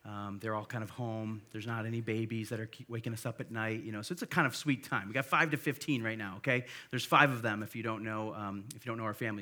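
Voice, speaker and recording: A man's voice: mid-range voice, fairly bright tone. A man in his thirties preaching a sermon as pastor, in a casual, conversational way with fillers and personal stories. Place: church service.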